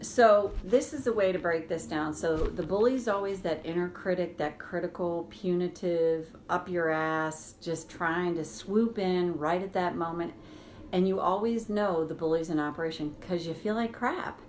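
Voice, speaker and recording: A woman's voice: lowish voice, normal speed, darkish tone, slight background noise. A woman coaching viewers in a casual, chatty impromptu live stream from her cousin's house, greeting them by name. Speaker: tapping coach. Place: cousin's house, gardeners outside.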